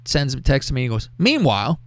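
A man hosting a casual show, telling a crude story in a lively, profane way and reading out text messages. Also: mid-range voice, fast talker, no echo. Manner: animated, profane, reads out texts with laughter. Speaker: podcast host.

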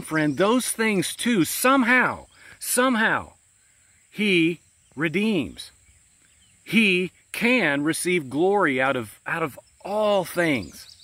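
A man's voice: a little high, a bit bright, no room sound. A man giving a spontaneous, earnest devotional talk outdoors in a pasture, pastoral in tone and often addressing the listener as friend, with crickets and insects behind him. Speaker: Christian podcast host.

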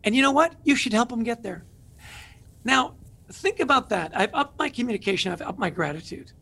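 A man's voice: extremely high pitch, brisk. A man who is a guest author, telling stories with energy in an interview conversation. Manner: energetic, animated storyteller.

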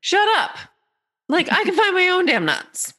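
A woman voicing a cranky male squirrel in a snappish, squeaky voice. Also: wildly swooping pitch, unhurried, sharp tone, full character voice. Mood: annoyed. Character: cranky male squirrel hunting his nuts.

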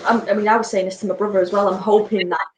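A woman's voice: mid-range voice, little pitch movement, racing, roomy sound, slight background noise, poor audio. A woman chatting casually, rambling and stacking up fillers as she tells a story. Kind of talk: casual chat.

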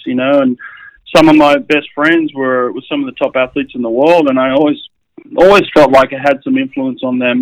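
A man's voice: medium pitch, vocal fry, fairly bright tone, no room sound, poor audio. A middle-aged Australian man, a swimming coach, telling stories casually with many fillers and chuckles. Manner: rambling, with frequent fillers and chuckles. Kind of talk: casual storytelling.

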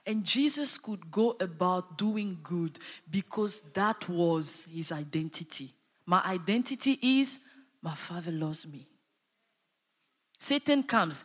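A woman's voice: lowish voice, expressive, slow pace, slightly rough. A woman preaching a sermon with impassioned emphasis that swells and drops, calling out to her congregation. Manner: impassioned, rising and falling emphasis with call-and-response. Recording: hall with long reverb.

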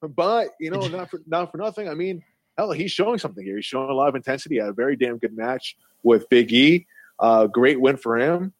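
A man's voice: mid-range voice, fairly quick. A man co-hosting a casual wrestling podcast, giving his opinions with many restarts and fillers. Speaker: podcast co-host.

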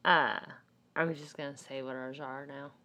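A woman's voice: extremely low pitch, fairly even intonation, normal speed, sharp tone. A woman co-hosting a podcast in casual chat, playful and teasing. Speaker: podcast co-host.

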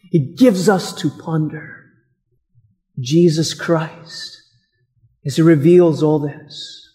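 A man preaching a sermon as pastor, slow and deliberate, pausing for emphasis on single words. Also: a little high, fairly even intonation, dark tone. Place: church.

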